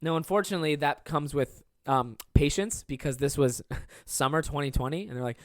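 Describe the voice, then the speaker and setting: A man's voice: fairly high pitch, brisk, hardly any pauses, dry recording. Young male comic hosting solo podcast; rambling, swears constantly, self-deprecating; dry close sound. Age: 20s. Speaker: podcast host and stand-up comedian. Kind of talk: casual solo podcast monologue.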